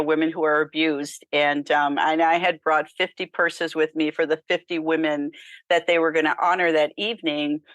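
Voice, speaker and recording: Earnest woman telling a moving story, low voice. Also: a bit bright, no echo. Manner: earnest, quotes others in dialogue, near tears. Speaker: guest, nonprofit founder. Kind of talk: emotional personal storytelling.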